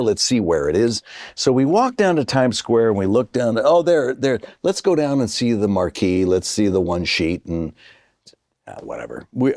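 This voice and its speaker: A man's voice: medium pitch, no room sound, clean studio sound. A man in his sixties, a guest on a chat show, telling a story in a casual way and acting out the voices of the people in it. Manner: animated storyteller who acts out quoted voices. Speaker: guest actor.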